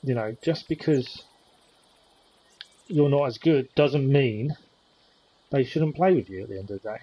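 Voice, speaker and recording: Mellow-voiced man streaming gameplay. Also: medium pitch, measured pace, husky, low-quality recording. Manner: chatty, thinks aloud while playing and chats with viewers. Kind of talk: live-stream gameplay commentary.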